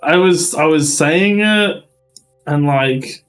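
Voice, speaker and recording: A man's voice: on the high side, slow pace, faint music behind. A man bantering and teasing his friends on a casual stream. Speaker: co-player on stream.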